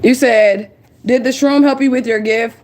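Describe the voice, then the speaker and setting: A young woman hosting a livestream as a spiritual reader, telling stories in a blunt, profane, animated way. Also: on the high side, normal speed, slight background noise. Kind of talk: casual livestream storytelling.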